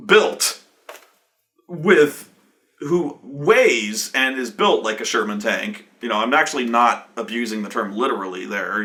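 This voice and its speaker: A man in his thirties telling tabletop game stories in an excitable, profane way, acting out players with loud outbursts. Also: mid-range voice. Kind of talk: animated storytelling chat.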